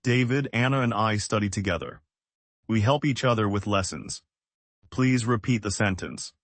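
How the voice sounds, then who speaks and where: A man from the United States, teaching English in slow, simple, evenly paced sentences. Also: on the low side, dry recording. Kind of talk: slow scripted lesson.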